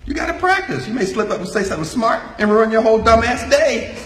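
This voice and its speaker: A man's voice: very high-pitched, big pitch swings, quick pace, a bit bright. An older man giving a folksy, joking talk to a live audience. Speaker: speaker. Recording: echoey hall.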